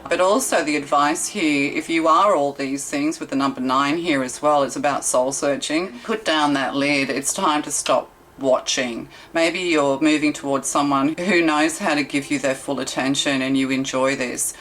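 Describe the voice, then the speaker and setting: A woman's voice: sits low, normal speed, hardly any pauses, a bit bright, low-quality recording. A woman reading tarot cards for her viewers, in a rambling, chatty way full of rhetorical questions and fillers. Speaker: tarot reader. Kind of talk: casual tarot reading monologue.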